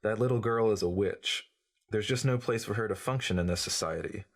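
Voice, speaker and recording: In this audiobook clip, a man with a lowish voice reads fairly quickly as a glib, cynical journalist. He lectures breezily, sounding like a know-it-all.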